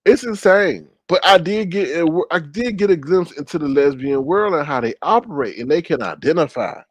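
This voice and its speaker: A man's voice: fairly high pitch, lively intonation, moderate pace, no echo. A man telling a story in casual commentary, gossipy, with dramatic exclamations. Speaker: commentary vlogger.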